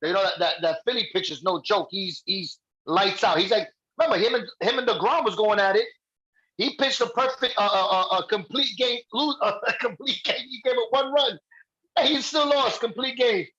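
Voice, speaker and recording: A man chatting as a guest on a sports fan livestream, excitable and rambling. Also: sits high, moderate pace, highs cut off. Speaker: guest co-host. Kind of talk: casual fan chat.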